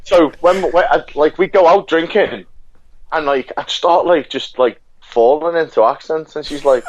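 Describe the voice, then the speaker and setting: Chatty British actor, laughing often. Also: male voice, a little high, animated, normal speed, a little mellow, slight background noise. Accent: British regional. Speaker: podcast guest, actor. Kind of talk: casual chat. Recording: dull lo-fi sound, dry.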